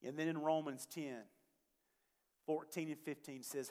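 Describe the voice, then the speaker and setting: Dynamic preaching man with a higher voice. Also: a little slow, long pauses. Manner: dynamic, swings from loud emphasis to quiet asides. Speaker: pastor. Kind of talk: sermon. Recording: long hall reverb.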